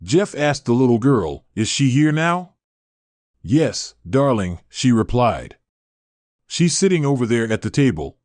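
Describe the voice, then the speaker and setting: With a darkish, medium-pitched voice, a man reads a scripted story very animatedly but without hurrying. He keeps one barely changing voice for all characters and the narration, repeating the same lines repeatedly, in clean studio sound with no room sound.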